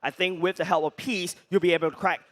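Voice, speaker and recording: High, bright, excitable esports caster. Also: male voice, quick pace, soft background music. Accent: Singaporean English. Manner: excitable, shouts during fights. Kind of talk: play-by-play commentary.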